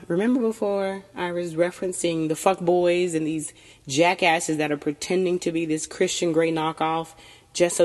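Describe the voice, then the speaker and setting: A woman in candid casual chat, frank and profane, laughing often and a little tipsy. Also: fairly low pitch. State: tipsy from tequila. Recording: long reverberant room.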